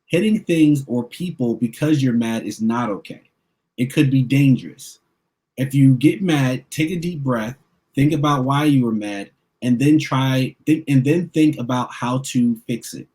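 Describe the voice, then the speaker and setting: A man voicing a patient father in a picture book, calmly teaching his son. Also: mid-range voice, a little slow, natural voice. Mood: gentle. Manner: calm, gentle, instructive.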